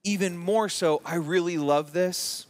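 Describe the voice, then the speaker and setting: A man preaching a sermon as pastor, with emphatic rising peaks and slow drawn-out words. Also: high voice. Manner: reads scripture and quotes aloud.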